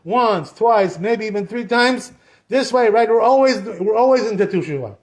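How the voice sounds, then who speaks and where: High-voiced man teaching a casual Torah class. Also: lively intonation, moderate pace. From Sephardic Jewish community. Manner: conversational, repeats "you know" and acts out quotes.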